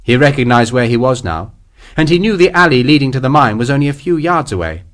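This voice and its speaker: A man's voice: medium pitch, animated, fast talker, fairly bright tone. A man reading an audiobook as its narrator in a dramatic, vivid way. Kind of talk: scripted narration.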